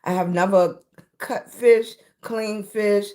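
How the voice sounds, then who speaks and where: A woman's voice: medium pitch, fairly even intonation, slow, darkish tone. A middle-aged woman hosting a casual livestream from her room, chatting and greeting viewers by name, often calling them baby. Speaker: livestream host.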